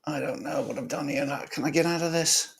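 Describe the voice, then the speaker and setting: A man hosting a fan channel's casual football match preview, chatty and full of exclamations. His voice sits a little high with a gravelly edge. He speaks straight to his viewers at a desktop mic. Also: steady tone, fairly quick.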